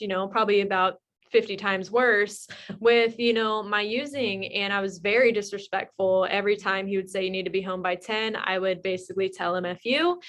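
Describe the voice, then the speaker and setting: A young woman tells her own recovery story in an open, unguarded way. She speaks candidly and with feeling, often pausing on small fillers as she gathers her thoughts. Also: medium pitch, sharp tone. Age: young adult. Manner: candid, emotional, many fillers. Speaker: guest sharing recovery story. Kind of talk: personal testimony.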